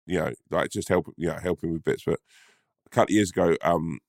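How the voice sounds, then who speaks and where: A very deep, gravelly man chatting easily on a podcast. His voice is close and dry, with no room sound at all. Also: a little fast, dry recording. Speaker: podcast co-host. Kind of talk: casual chat.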